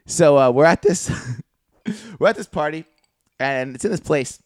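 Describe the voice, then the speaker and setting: Speaking a little slowly, this young adult podcast co-host has a slightly high, darkish voice with lively intonation. He chats casually, telling rambling profane stories and cracking himself up at his own jokes. The studio audio is clean, without echo.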